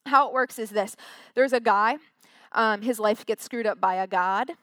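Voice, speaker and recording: A woman's voice: on the high side, normal speed, fairly bright tone, no echo. A woman giving a casual, chatty sermon from a stage, acting out quotes in little voices. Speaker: preacher.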